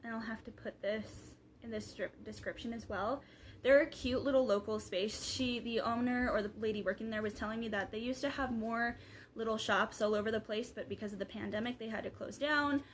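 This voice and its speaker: A woman's voice: on the high side, brisk, a little hiss or hum. A young woman, chatting casually in a vlog, rambling with many fillers. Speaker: vlogger.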